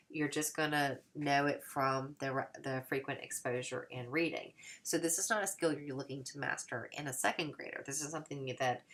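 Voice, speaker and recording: A woman's voice: a bass voice, fairly bright tone, a little hiss or hum. A woman explaining a topic in a recorded lecture, with frequent fillers and restarts as she talks it through. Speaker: teacher trainer.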